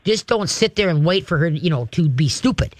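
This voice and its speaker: A man's voice: a little high, lively intonation, fairly quick, dry recording. A man hosting a call-in radio show, giving direct, folksy dog-training advice and acting out firm commands with growls.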